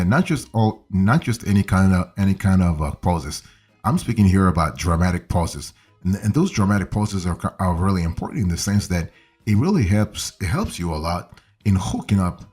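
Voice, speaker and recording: Husky-voiced older man coaching. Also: low-pitched, darkish tone. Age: 70s. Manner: conversational, repeats and restarts phrases, coaxing "okay?". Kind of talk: casual instructional talk.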